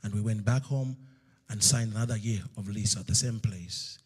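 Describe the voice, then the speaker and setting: A middle-aged male preacher telling a story in a sermon, swinging between loud slow outbursts and hushed near-whispers. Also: lowish voice, slightly rough. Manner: storytelling, acts out God's voice in loud slow bursts.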